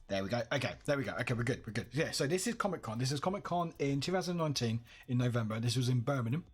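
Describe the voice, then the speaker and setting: A man's voice: mid-range voice, lively intonation, rapid-fire, hardly any pauses, breathy edge, faint music behind. A young man from the UK, live-streaming from home, chatting in a rambling, self-correcting way. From United Kingdom. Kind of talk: casual livestream chat.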